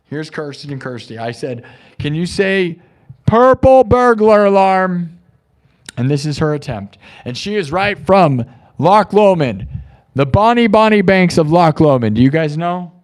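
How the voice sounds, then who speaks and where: A man's voice: on the high side, animated, moderate pace. A man hosting a live music stream, talking casually and rambling between songs. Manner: rambling, chatty, restarts sentences. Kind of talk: casual chat over live looped music.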